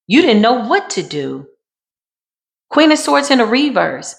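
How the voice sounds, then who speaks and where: A woman giving a dramatic tarot card reading in a sassy way, dropping to a hush and then rising to emphatic bursts. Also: fairly high pitch, very animated, measured pace, vocal fry. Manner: sassy, dramatic, swings between hushed and emphatic. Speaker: tarot reader.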